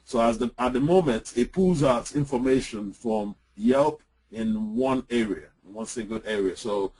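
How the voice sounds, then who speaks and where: A man presenting software in an online webinar, walking through a screen-share demo with frequent "uh"s and "um"s over a computer mic. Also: medium pitch, moderate pace, husky, low-quality recording. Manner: hesitant, lots of "uh" and "um". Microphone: computer mic on an online call.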